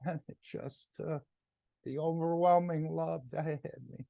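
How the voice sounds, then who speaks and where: Slow, gravelly-voiced man. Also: fairly high pitch, steady tone, no room sound. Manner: slow, gentle and reflective. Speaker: meeting participant. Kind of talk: casual group-meeting talk.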